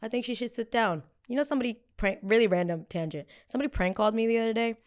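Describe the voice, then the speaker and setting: A young woman hosting a pop culture podcast in a blunt, gossipy, animated chat style. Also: on the high side, very fast. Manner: animated, gossipy and blunt, with frequent quoted voices. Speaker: podcast host.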